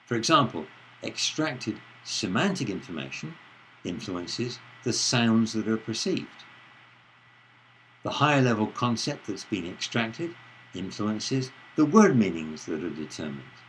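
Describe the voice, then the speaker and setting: Guy lecturing, lowish voice, very up and down intonation, slow careful explaining, faint hiss. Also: big pitch swings, poor audio. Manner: measured explanatory delivery, stressing words in example sentences. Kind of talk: recorded university lecture.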